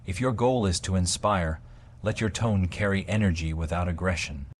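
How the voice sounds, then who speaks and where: A man delivering a scripted motivational talk on communication, with measured, emphatic pacing and deliberate pauses. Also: sits low, slight background noise. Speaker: motivational speaker.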